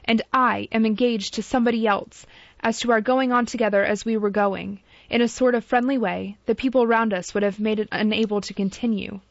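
A woman reading the part of a clever, proud young woman who speaks quickly and cuttingly in an audiobook. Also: a little high, fairly even intonation, vocal fry, no echo. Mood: reproachful. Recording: dull dry lo-fi recording.

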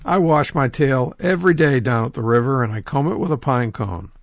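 A man voicing a vain, eager male possum who exclaims excitedly in a folk tale. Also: mid-range voice, a little fast, no room sound, highs cut off, lightly acted.

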